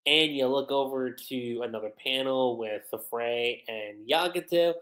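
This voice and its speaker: A streamer hosting a casual livestream review of a manga chapter, talking in a chatty, animated way with lots of fillers. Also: medium pitch, unhurried, hardly any pauses. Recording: roomy echo.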